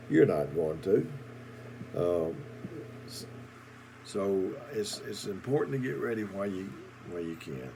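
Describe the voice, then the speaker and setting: A middle-aged man preaching in a recorded sermon video, telling folksy stories with halting pauses and repeated words. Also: on the low side, dark tone, a little hiss or hum, rough recording.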